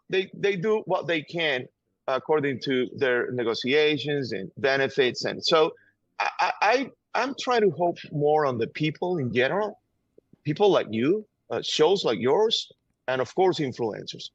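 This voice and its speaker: A man's voice: on the high side, no room sound, dull audio. Urgent man with a Venezuelan Spanish accent. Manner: emphatic, urgent, repeats words while pushing his point. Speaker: guest, gun-violence activist. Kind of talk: impassioned interview answers.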